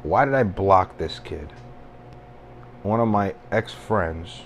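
A man's voice: low voice, expressive, slow, a little hiss or hum. A young man hosting a solo podcast, rambling and venting casually with frequent swearing and self-deprecating asides. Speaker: podcast host.

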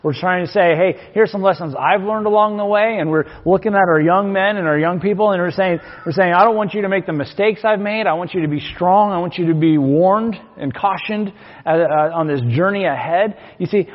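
A man's voice: high-pitched, a little fast. A man preaching a sermon as pastor, folksy and joking between readings from scripture. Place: church sanctuary. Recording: long hall reverb, dull lo-fi sound.

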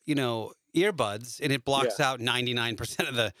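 A man hosting a podcast in casual chat, telling relaxed anecdotes with a few hesitant fillers. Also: mid-range voice, normal speed, no echo, clean studio sound. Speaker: podcast host.

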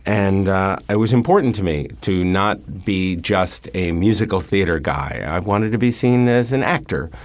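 A middle-aged man, a stage actor speaking as a guest in a relaxed interview, thoughtful and full of pauses and fillers. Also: deep voice. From New York.

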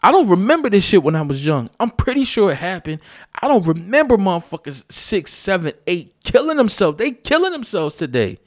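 A man's voice: high voice, very animated, normal speed, no room sound, studio quality. A man ranting in a casual vlog, blunt and profane, hammering home his points over and over. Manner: blunt, profane, emphatic and repetitive. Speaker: vlogger. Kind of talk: casual unscripted rant.

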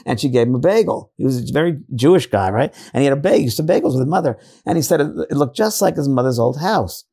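A man speaking as a guest in a casual interview, his dark voice gravelly and husky. He tells earnest stories at mid pitch, often restarting his sentences as he goes. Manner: earnest storytelling with frequent restarts. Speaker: psychic medium guest.

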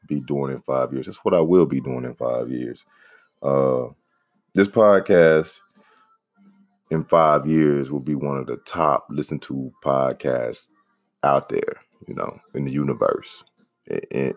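Guy with a super deep voice rambling on his podcast, laid back, dry close mic. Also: no echo. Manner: rambling, laid-back, gives shout-outs to listeners. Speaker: podcast host; comedian. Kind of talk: casual podcast monologue.

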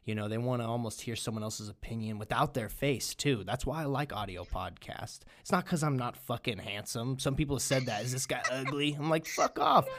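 A man hosts a casual podcast conversation in an ordinary mid-pitched voice. He talks loosely and swears often, building into animated rants. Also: brisk, few pauses. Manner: profane, animated ranting. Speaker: podcast host.

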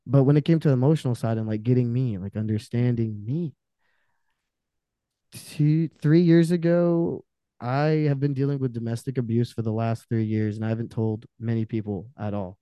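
A young man, a podcast guest, telling candid personal stories with intensity, swearing freely and swinging between loud outbursts and quiet trailing-off. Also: mid-range voice, fairly even intonation, normal speed, clean tone, no room sound, muffled recording. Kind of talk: candid personal storytelling in conversation.

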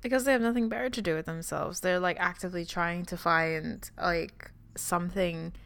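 A woman co-hosting a podcast in casual chat, animated and acting out quotes in silly voices. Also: lowish voice, moderate pace, gravelly, no room sound. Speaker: podcast co-host.

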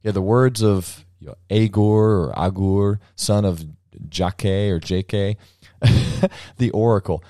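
Rambling low-voiced man on a dry mic. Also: measured pace, warm tone, dry recording. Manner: rambling, laughs often, many restarts. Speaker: podcast host. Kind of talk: casual chat.

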